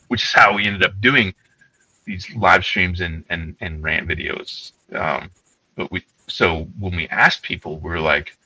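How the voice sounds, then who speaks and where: Profane, rambling man with a low voice. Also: a little slow, low-quality recording. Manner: rambling, profane, animated storytelling. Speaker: co-host. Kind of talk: casual livestream chat.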